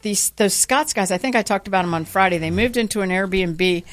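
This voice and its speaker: Woman cohost on talk radio, animated, does little voices for her stories. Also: medium pitch, fairly quick. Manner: animated storyteller, acts out quotes. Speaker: radio talk show co-host. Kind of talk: casual talk radio banter.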